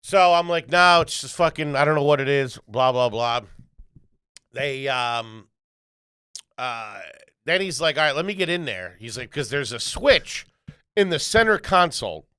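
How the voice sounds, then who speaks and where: A man co-hosting a podcast, telling a profane, animated story full of quoted voices in casual chat. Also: mid-range voice, measured pace, clean tone, dry recording, clean studio sound. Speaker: podcast co-host.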